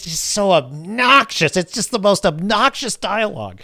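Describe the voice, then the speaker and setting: A man's voice: high-pitched, big pitch swings, normal speed, bright, forceful tone, dry recording, studio quality. Sarcastic ranting male podcast host. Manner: sarcastic, crude, exasperated. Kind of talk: casual live-show rant.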